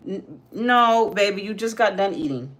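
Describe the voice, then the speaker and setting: A woman's voice: medium pitch, animated, normal speed, a bit bright, slight background noise. A young woman hosting a casual livestream, chatting with viewers as she works and talking with her child. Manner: chatty, talks to viewers while doing makeup. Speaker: livestream host, mother.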